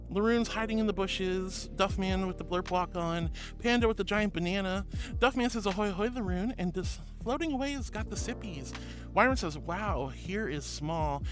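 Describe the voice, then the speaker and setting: High-voiced gentle male streamer. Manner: gentle and affectionate, calls viewers honey and sweetie. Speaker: VTuber streamer. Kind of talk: casual livestream chat, reading viewer messages.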